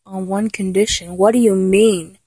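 A comedic audio role-play features a woman as a flustered young lover whose attempts at dominance keep falling flat, so she sounds exasperated and corrects herself. Her natural, mellow voice is medium-pitched and steady, at normal speed, with a breathy edge and no echo.

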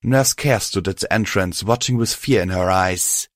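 Male narrator, low-pitched, measured, first-person fiction reading. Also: dry recording, studio quality.

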